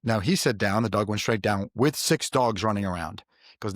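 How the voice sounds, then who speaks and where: A man's voice: on the low side, brisk, dry recording, studio quality. A middle-aged man hosting a podcast, giving earnest parenting advice in casual chat and telling stories with quoted voices. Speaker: podcast host.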